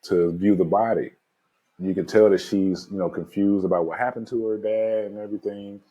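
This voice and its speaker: A man's voice: lowish voice, steady tone, normal speed, mellow. A man co-hosting a movie review chat, casually walking through scenes with lots of filler words. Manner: laid-back, recaps scenes with filler words. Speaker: podcast co-host.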